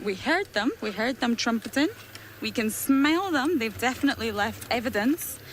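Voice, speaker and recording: A woman's voice: medium pitch, slight background noise, poor audio. A woman safari guide giving chatty, self-deprecating live commentary from an open vehicle outdoors. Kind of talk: live commentary from a game drive.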